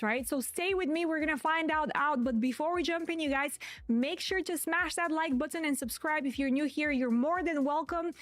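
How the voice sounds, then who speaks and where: A woman's voice: high voice, no echo. A woman hosting a market livestream in a chatty way, often saying "you guys" and "right?", a little out of breath. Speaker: trading livestream host.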